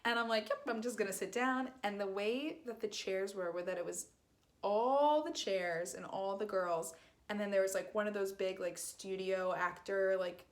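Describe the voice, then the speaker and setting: A young woman telling a casual storytime, rambling with lots of fillers and acting out quoted lines. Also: medium pitch. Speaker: vlogger.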